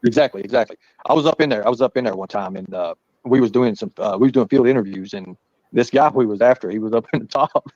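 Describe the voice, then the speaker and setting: Fast-talking man telling stories. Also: mid-range voice, darkish tone, dry recording. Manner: rambling, laughing, profane anecdotes. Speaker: guest storyteller. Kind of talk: casual storytelling. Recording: muffled lo-fi audio.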